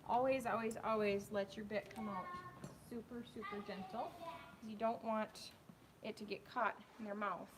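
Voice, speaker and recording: A woman's voice: mid-range voice, steady tone, normal speed, background noise. A young adult woman horse trainer chatting and explaining as she goes during a live-stream ride in a riding arena, filmed on a camera on a tripod.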